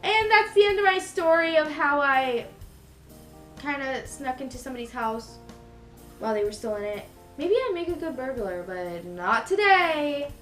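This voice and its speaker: Her voice sits high and a bit bright, with lively intonation and an unhurried pace. A young woman vlogger, she tells a rambling, casual story full of fillers and self-corrections, recorded in an echoey room with faint background music.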